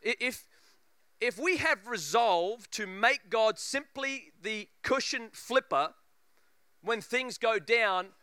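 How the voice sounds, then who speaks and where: A preacher telling a funny story in a sermon, acting out voices and laughing often. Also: male voice, sits high, pushed and bright, clean tone, no room sound, studio quality.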